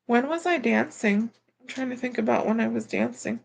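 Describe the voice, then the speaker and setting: A woman's voice: a little high, moderate pace, vocal fry. A woman livestreaming casually, chatting about her delivery driving work and reading viewer comments aloud as she goes. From Florida.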